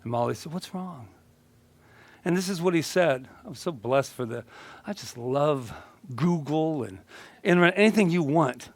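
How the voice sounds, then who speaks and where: A man's voice: fairly high pitch, expressive, normal speed. A male minister giving a casual, joking sermon and chatting with his congregation. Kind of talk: conversational sermon.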